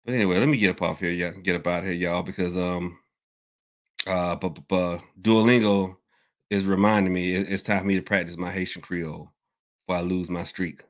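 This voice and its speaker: A man hosting a casual podcast Q&A, rambling and animated, swinging between loud outbursts and low mutters. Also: brisk. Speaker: podcast host. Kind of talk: casual live Q&A chat.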